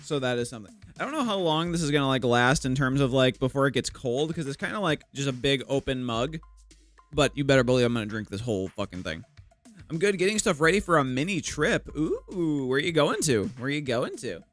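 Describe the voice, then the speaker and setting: A man's voice: medium pitch, very animated, fairly quick, fairly bright tone, faint music behind. A young man streaming his art live, chatting casually with viewers into a desk microphone, greeting them and cracking self-deprecating jokes.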